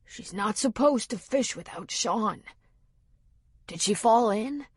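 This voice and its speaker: Woman putting on a raspy frightened man. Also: on the high side, animated, dry recording, clean studio sound, voice pushed up, full character voice. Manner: halting, pleading.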